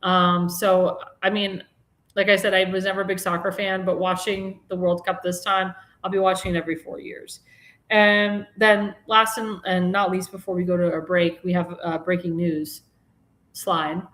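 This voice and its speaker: Speaking at a moderate pace with a fairly low, slightly bright voice and a flat delivery, a woman hosts a live-stream talk show. Her chat is loose and rambling, she laughs at her own jokes, and the room sounds echoey.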